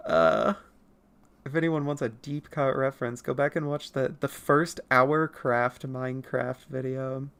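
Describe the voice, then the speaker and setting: An artist streamer chatting casually with viewers while drawing late at night, rambling, laughing often and deliberately keeping the voice pitched above its natural level. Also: fairly even intonation, creaky, fairly bright tone, clear, resonant tone. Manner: consciously holds voice higher than natural. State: up late, nearly four in the morning. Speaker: artist streamer answering chat questions.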